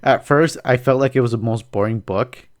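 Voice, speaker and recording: Man, podcast host, casual chat, animated storytelling, swears a lot, mid-pitched voice. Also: normal speed.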